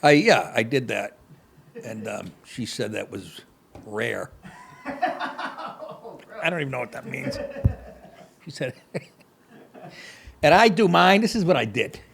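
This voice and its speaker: Gravelly, sarcastic comedy host. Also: male voice, mid-range voice, big pitch swings, takes it slowly, pauses often, noisy background. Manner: profane, sarcastic, mocking asides. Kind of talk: comedic news rant.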